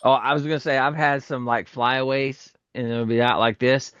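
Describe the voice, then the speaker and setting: A man's voice: medium pitch, fairly even intonation, normal speed, fairly bright tone, clear, resonant tone, no room sound. A man co-hosting a casual chat, chiming in with short remarks and laughing easily. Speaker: podcast co-host. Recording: slightly dull lo-fi sound.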